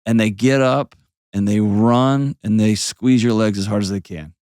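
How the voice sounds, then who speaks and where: A man's voice: on the low side, normal speed, darkish tone, clean tone, no room sound, clean studio sound. A man hosting an advice call-in show, talking bluntly and painting vivid scenes as he coaches a caller. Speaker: host.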